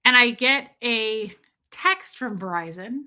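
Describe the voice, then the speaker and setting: A woman with a bright, forceful voice rants casually to her livestream audience. Her pitch sits a little on the high side, and she talks quickly with lots of restarts and filler "like"s. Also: animated. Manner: fast, chatty, full of restarts and "like". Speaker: livestream host. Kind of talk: casual ranting storytelling.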